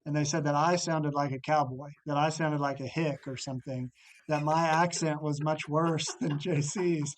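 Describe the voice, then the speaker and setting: A man guesting on a podcast, recalling college days with an old friend in a halting, restarting way. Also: fairly high pitch, steady tone. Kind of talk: casual storytelling chat.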